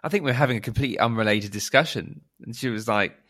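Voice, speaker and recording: A man's voice: medium pitch, racing. A man co-hosting a podcast, who works as a teacher, telling a story in casual chat and acting out the other person's lines. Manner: animated, acts out quoted dialogue, laughs often.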